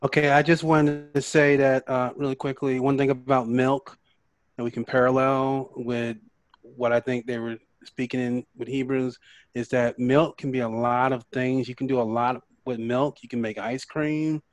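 A man taking part in an online Bible study over a video call, sharing a quick point in an offhand way. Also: medium pitch, flat delivery, dry recording. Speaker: study group participant. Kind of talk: casual group discussion.

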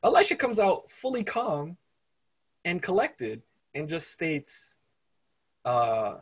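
A man preaching, retelling a story in an animated, conversational way. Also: on the high side, slow, long pauses, husky. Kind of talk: sermon storytelling.

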